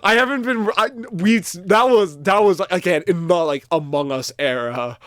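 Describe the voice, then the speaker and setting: A man's voice: high voice, moderate pace, fairly bright tone, no echo, clean studio sound. A young man guest on a podcast, rambling with embarrassment and swearing as he tells a story. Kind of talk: casual chat.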